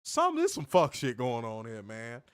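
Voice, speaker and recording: Guy, mid-pitched, swears a lot, lively recap host on a dry close mic. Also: unhurried, clear, resonant tone, no room sound. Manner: profane, animated, reads viewer comments aloud. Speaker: podcast co-host. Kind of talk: casual wrestling review chat.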